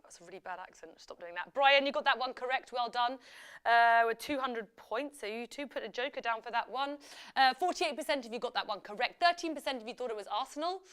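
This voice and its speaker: Woman, live quiz host, chatty and upbeat, ad-libbing, slightly high voice, smooth and clear. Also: a little fast, a bit bright. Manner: chatty, upbeat, ad-libbing with frequent fillers and self-corrections. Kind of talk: live quiz show hosting.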